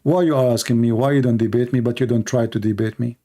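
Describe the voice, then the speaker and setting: Combative man with a dark voice. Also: mid-range voice, fairly even intonation, fast. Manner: combative, mocking, rambling. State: tired voice after hours of talking. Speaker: livestream host. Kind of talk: unscripted livestream monologue.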